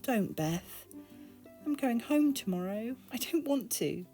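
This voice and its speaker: A woman's voice: fairly high pitch, sing-song, slow, warm tone, faint music behind, pitched above the performer's own voice, full character voice. A British woman voicing an anxious teenage girl in love, pleading and emotional. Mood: upset.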